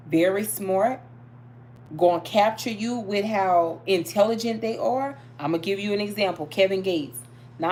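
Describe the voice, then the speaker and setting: Animated woman chatting on a livestream. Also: mid-range voice, a little hiss or hum. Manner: animated, storytelling, talks to viewers. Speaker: livestream host reading tarot. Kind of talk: casual live chat.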